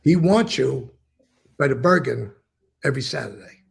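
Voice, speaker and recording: A man with a deeply gravelly, rough and husky voice recounts old stories in a casual interview. He repeats words as he talks and acts out the lines of the people in them, with frequent swearing. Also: animated, moderate pace. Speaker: former mobster telling stories.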